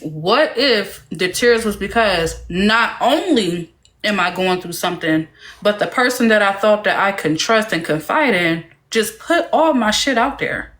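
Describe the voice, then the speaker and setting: A woman hosting a live stream makes an earnest case, stopping to ask rhetorical questions. Her voice is mid-pitched and plain. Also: expressive, measured pace, fairly bright tone. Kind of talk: casual live-stream commentary.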